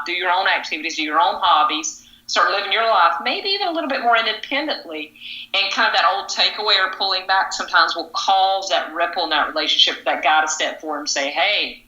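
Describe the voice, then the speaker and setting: A woman relationship coach giving measured, advisory talk on a podcast. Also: lowish voice, sharp tone. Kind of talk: podcast discussion. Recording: roomy echo.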